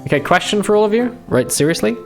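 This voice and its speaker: A man's voice: sits high, animated, fast talker, faint music behind. A young man live-streaming a visual novel, reading the text aloud and breaking off into chatty, profane commentary.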